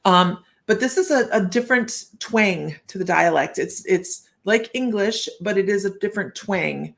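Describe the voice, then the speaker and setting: A woman with a medium-pitched, creaky voice speaks at a moderate pace during a live-streamed psychic reading. She chats directly to her viewers, greeting them by name and thinking aloud in loose, rambling sentences.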